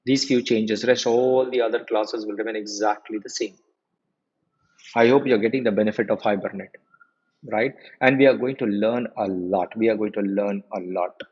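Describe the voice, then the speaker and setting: A man in his forties giving a live technical lecture as a software trainer. He repeats his key points and keeps quizzing the class with checking questions. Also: lowish voice, steady tone, moderate pace, husky. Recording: muffled lo-fi audio.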